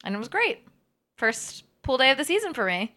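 A woman's voice: high-pitched, sing-song, moderate pace, pushed and bright. A woman in her twenties, co-hosting a podcast and telling a story in casual chat, full of "like" and the odd swear. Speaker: podcast co-host.

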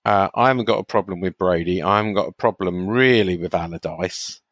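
Easygoing guy with a lowish voice on a chat podcast, chuckles a lot, dry close mic. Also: brisk, a bit bright, dry recording. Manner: easygoing, chuckles, gives considered opinions. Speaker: podcast co-host. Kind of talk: casual chat.

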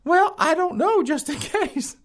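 A man voicing a panicked young woman who has been robbed, squealing in a high, frantic voice. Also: lively intonation, measured pace. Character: shrieking panicked young woman, burglary victim.

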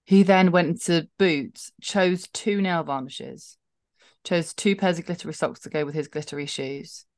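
A middle-aged woman co-hosting a casual chat, animated and laughing as she tells stories. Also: on the low side, moderate pace, no room sound, clean studio sound. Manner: chatty, laughing, animated storytelling. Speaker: podcast co-host.

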